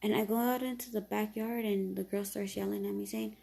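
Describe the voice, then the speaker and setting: A woman's voice: medium pitch, flat delivery, a little fast, vocal fry, hardly any pauses, warm tone, a little hiss or hum. A woman telling a long story in a casual, rambling way, with many fillers and mild swearing.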